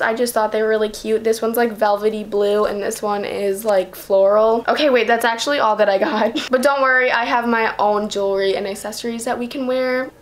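A young woman talks straight to her camera in a casual vlog, her voice sitting a little high. She rambles in a chatty way, filling pauses with "like" and "um". She sounds like she is at home, sitting at her makeup vanity. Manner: chatty, lots of fillers like "like" and "um". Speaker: vlogger.

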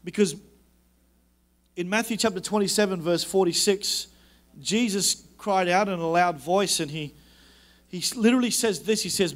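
A man's voice: sits high, moderate pace. A young man preaching a conference sermon in a conversational, joking way that builds to fervent emphasis. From Australia. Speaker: guest preacher.

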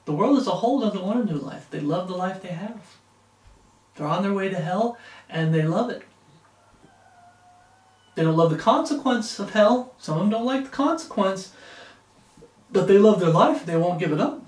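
A man's voice: sits high, lively intonation, moderate pace, reverberant, far from the mic. A man preaching a sermon in a fervent way, climbing into emphatic bursts as he presses his points.

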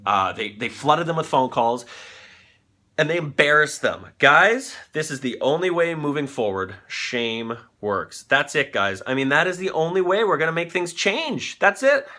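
A man in his late thirties rants through a comedic news commentary. His voice is bright and sits a little high, and his pitch swings widely as he curses and riles up his viewers. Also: moderate pace. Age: 30s. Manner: animated ranting with profanity. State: on cold medication. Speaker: host.

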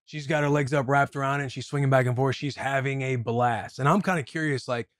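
A man's voice: medium pitch, steady tone, no echo, clean studio sound. A man co-hosting a podcast, telling a story in easygoing casual chat. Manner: easygoing storyteller, quick agreeing interjections. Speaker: podcast co-host.

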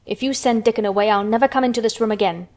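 A woman voicing a sour, spoiled ten-year-old girl with sharp, scornful retorts in a storybook reading. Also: fairly high pitch, rapid-fire, lightly acted. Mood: defiant.

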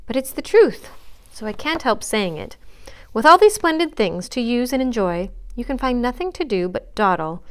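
Storybook reading: a sharp-tongued, earnest young lady read by a woman, cool and scolding. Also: fairly high pitch, sing-song, normal speed. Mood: lecturing.

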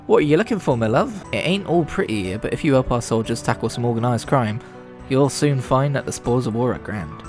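A man's voice: mid-range voice, expressive, fairly quick, music in the background, close to an everyday voice. A man voicing a friendly, chirpy local woman with a put-on regional accent, in a sing-song, affectionate manner. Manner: sing-song and affectionate, calls people love and petal.

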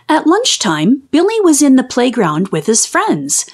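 A woman reading a children's book aloud in an expressive, animated way. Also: high voice, measured pace. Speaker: children's storyteller.

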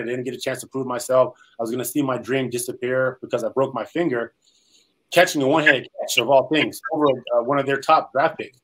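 A man's voice: mid-range voice, a bit bright, a little hiss or hum, low-quality recording. A man from California, a former pro football player, telling his story as an interview guest, earnest and rambling with many "um"s. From Salinas, California, US.

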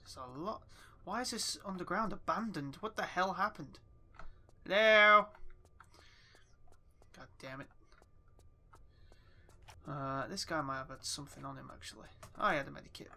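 A young man muttering and swearing his way through a game, his voice very bright and slightly raised in pitch. He chats along to himself at a desk mic, with a faint hiss of noise underneath. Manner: chatty, swears often, talks to himself while playing. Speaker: gaming YouTuber. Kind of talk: casual let's play commentary.

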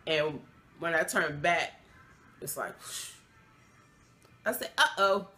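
A woman's voice: low voice, takes it slowly, faint music behind. A woman, retelling a hospital story in a casual, emotional way with many fillers. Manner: emotional, animated retelling with acted quotes; loose, chatty, many fillers. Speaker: vlogger.

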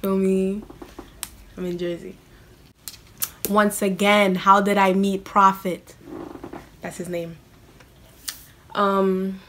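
A woman's voice: medium pitch, steady tone, slow, pauses often, a bit bright. A young woman, chatting in a casual question-and-answer vlog. She is self-mocking and scatters "like" through her talk. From New York City. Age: young adult. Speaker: vlogger.

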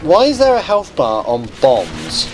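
A man's voice: mid-range voice, huge pitch swings, a little slow. A man hosting a casual gameplay session, chatting and reacting aloud to the game. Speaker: gaming channel host. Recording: game music underneath.

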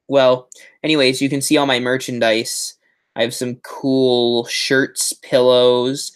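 Guy hosting a live stream, rambly and chatty, pokes fun at himself, middle-pitched voice. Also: little pitch movement, measured pace. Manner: rambling and chatty, with self-mocking asides. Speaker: host of a Halloween prop channel live stream. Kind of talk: casual live-stream chat.

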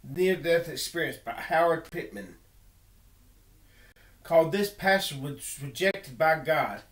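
A man's voice: on the high side, expressive, slow, a bit bright, roomy sound. A man giving an earnest personal monologue, emphatic and full of repeated words and restarts. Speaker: video blogger.

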